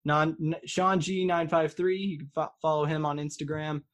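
Man, podcast host, casual chat, halting rambling delivery, somewhat high voice. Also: fairly even intonation.

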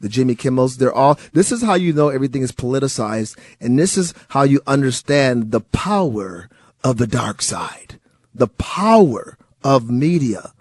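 A man filling in as a talk radio host, giving an animated, sarcastic monologue and chuckling at times. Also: mid-range voice, normal speed, dry recording.

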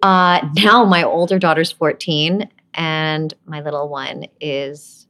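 A woman's voice: sits low, fairly even intonation, slow pace, a bit bright. A woman in her forties from Brooklyn, an actress chatting as an interview guest, rambling with asides and laughing often. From Brooklyn, USA. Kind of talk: casual interview chat.

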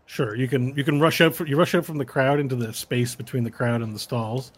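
A man's voice: medium pitch, steady tone, fairly quick, husky. A man narrating a tabletop game as game master, laid-back and often laughing.

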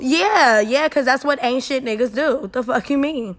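A young woman hosts an advice podcast and answers listener emails in a blunt, scolding way. Her voice sits a little high, and she swears freely as she talks straight to the letter writer. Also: moderate pace. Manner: blunt, profane, animated and scolding. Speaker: podcast host.

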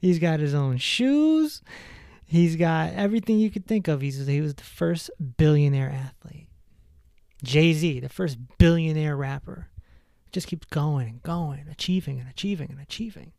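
A man hosting a self-help podcast, talking in an emphatic, animated way and laughing at his own stories. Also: fairly high pitch, unhurried, creaky, no room sound, studio quality. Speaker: podcast host. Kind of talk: casual self-help monologue.

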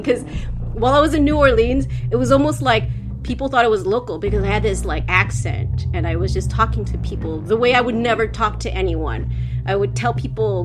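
A woman's voice: a little high, moderate pace, over music. A young woman who works as a spirit medium, telling her story as an interview guest in a candid, casual way, swearing freely with lots of fillers.

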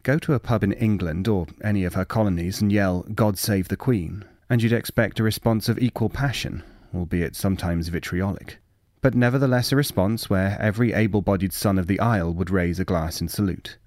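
Low-voiced man reading a story. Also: darkish tone, no room sound, studio quality. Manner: measured, wry first-person narration. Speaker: audiobook narrator.

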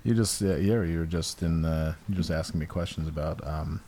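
A man's voice: rumbling low, fairly quick, warm tone, slight background noise. A man in his thirties hosting a podcast, talking in a rambling, crude way full of fillers. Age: 30s. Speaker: podcast host. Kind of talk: casual chat. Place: room with a window open near a porch.

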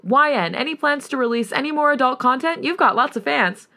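A woman voicing pushy male paparazzi photographers who fire off questions, raising her voice higher and louder than her usual reading. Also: animated, brisk, gravelly, exaggerated voice.

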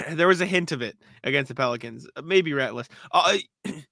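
A man's voice: a little high, lively intonation, brisk, creaky, bright, forceful tone. A man co-hosting a casual sports podcast over a remote call, laughing easily and thinking on the spot. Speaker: podcast co-host. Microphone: remote call, muted at times.

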